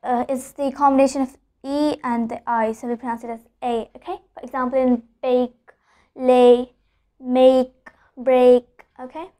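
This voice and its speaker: High-voiced woman teaching English pronunciation. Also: little pitch movement, mellow. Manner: explains slowly and repeats each example word, with frequent "okay?" checks. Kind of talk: spoken pronunciation lesson.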